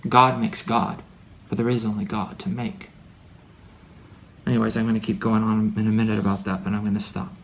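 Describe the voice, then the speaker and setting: A man delivering a rambling spiritual monologue to his son. He is preachy and full of wordplay, and he swings from loud declarations to hushed asides. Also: fairly low pitch, flat delivery, brisk, slight background noise. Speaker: religious speaker addressing his son.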